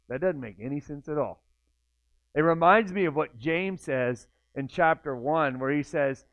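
A man's voice: on the high side, clear, resonant tone, dry recording. A man preaching a sermon in a conversational way, acting out the inner voices of his listeners. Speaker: pastor. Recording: tinny phone-like dry sound.

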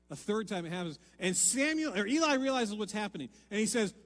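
A man pastor preaching a sermon, swinging from hushed lines to loud, emphatic appeals. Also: sits high, big pitch swings, brisk, few pauses, long reverb tail. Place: church sanctuary.

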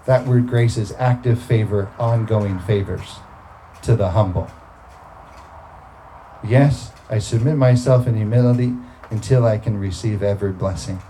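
A man's voice: lowish voice, unhurried, mellow, a little hiss or hum, poor audio. A man preaching a sermon, talking through scripture in a conversational way and breaking into emphatic bursts.

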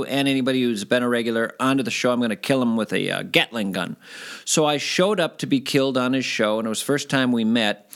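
A middle-aged man from Minnesota telling stories from his past in a casual interview, animated and climbing high when he gets excited. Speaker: guest storyteller.

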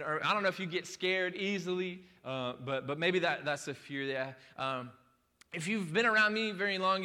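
A man's voice: high voice, pushed and bright, big-room sound. A man preaching a casual sermon as pastor. He talks in a chatty, joking way with many restarts, then builds to emphatic calls to the congregation. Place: church sanctuary with a congregation.

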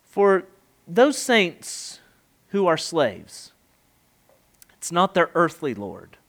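A middle-aged man with a high-pitched, fairly bright voice preaches an expository sermon. He is emphatic, posing rhetorical questions as his delivery rises and falls.

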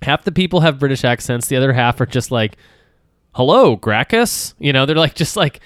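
A man's voice: mid-range voice, quick pace, no room sound, clean studio sound. A man co-hosting a podcast, talking casually about films, rambling with lots of fillers and restarts, laughing and swearing now and then. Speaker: podcast co-host. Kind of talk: casual film discussion.

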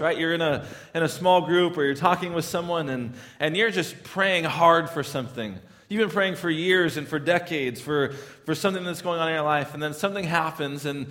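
A man's voice: a little high, long reverb tail. Man preaching a conversational sermon. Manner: conversational preaching, repeats words, rises to loud pleading questions. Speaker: pastor.

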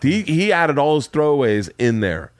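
A man's voice: on the high side, normal speed, no room sound. Laughing storytelling man, dry room. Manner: animated storyteller, laughs often, does loud voices in quotes. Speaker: podcast host. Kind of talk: casual chat. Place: home studio man cave.

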